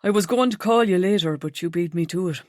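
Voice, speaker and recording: A woman voicing a soft-spoken young man, her tone dropped a little lower and kept relaxed and gently teasing. Close and dry, as in a storybook read in a booth. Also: fast talker, dry recording, close to an everyday voice. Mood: fond.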